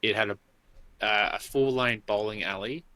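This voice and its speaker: A man's voice: lowish voice, moderate pace, bright, forceful tone. An Australian man in his thirties, co-hosting a podcast and telling rambling, sweary stories. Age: 30s. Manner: swears freely, rambling storytelling. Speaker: podcast co-host. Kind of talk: casual chat.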